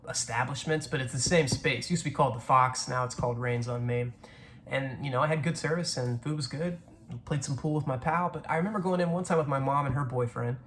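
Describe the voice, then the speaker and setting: A man's voice: mid-range voice, a bit bright, a little hiss or hum. A man in his twenties from the American South, rambling through casual stories with frequent swearing and restarts. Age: 20s. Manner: rambling, profane, restarts a lot. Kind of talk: casual storytelling monologue.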